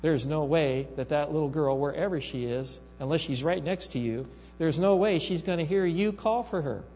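A man's voice: fairly high pitch, normal speed, a little mellow, soft background music. Man preaching a storytelling sermon. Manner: storytelling, builds to emphatic rises. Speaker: pastor. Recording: reverberant hall, dull sound, mains hum.

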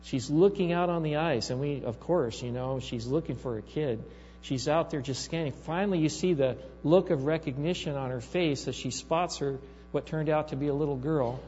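A man's voice: a little high, normal speed, darkish tone, faint music behind. A male pastor preaching a sermon, telling a story and building to emphatic rises. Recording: reverberant hall, dull sound, mains hum.

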